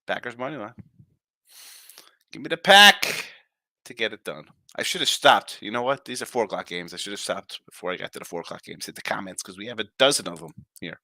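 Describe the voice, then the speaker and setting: A man's voice: fairly low pitch, fast talker, few pauses, pushed and bright, dry recording, studio quality. A man hosting a live sports betting show, giving brash, jokey picks and chatting with viewers in the comments.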